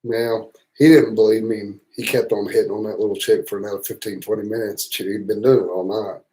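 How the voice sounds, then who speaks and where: His lowish voice is steady and mellow, and he talks briskly, though the audio is poor. He's a motorcycle travel channel host with a Southern accent, livestreaming and spinning profane, teasing, rambling stories in a relaxed way.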